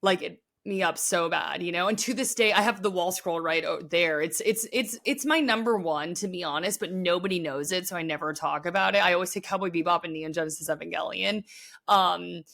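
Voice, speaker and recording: A woman's voice: fairly low pitch, a little fast, gravelly, fairly bright tone. Earnest woman guest chatting casually. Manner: earnest, heavy use of "like" fillers; sensitive, emotionally open. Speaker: podcast guest. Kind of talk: casual chat.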